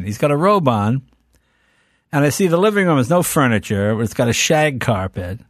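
An older man, a guest comedian, telling anecdotes briskly into a close studio mic and slipping into voices. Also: mid-range voice, dry recording. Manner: brisk, animated, does voices in his stories. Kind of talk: anecdotal storytelling.

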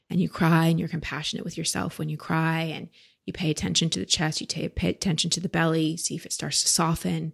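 Gravelly-voiced woman coaching a caller. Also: lowish voice, steady tone, brisk. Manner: direct, gentle, coaching tone. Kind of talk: advice podcast with a caller.

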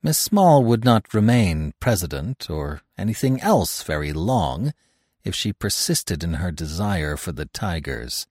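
A man reading a first-person story aloud as the narrator, in an expressive, theatrical style. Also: low voice, a little slow, husky, no echo, studio quality. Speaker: audiobook narrator.

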